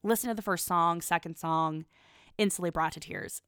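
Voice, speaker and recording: A woman's voice: on the low side, moderate pace, a bit bright, clear, resonant tone, no echo, studio quality. A young woman in her twenties chatting casually in a rambling, gushing podcast monologue, full of fillers and restarts.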